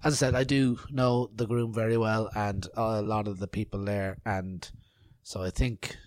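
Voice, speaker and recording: A man's voice: lowish voice, flat delivery, moderate pace, no echo. A man hosting a podcast, rambling and self-mocking in casual chat. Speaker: podcast host. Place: outdoor festival grounds in later part.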